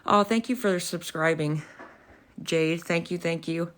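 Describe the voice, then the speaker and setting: Animated young woman livestreaming, lowish voice. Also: measured pace. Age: young adult. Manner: animated storytelling, swears freely, laughs often. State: out of breath. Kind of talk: casual livestream chat.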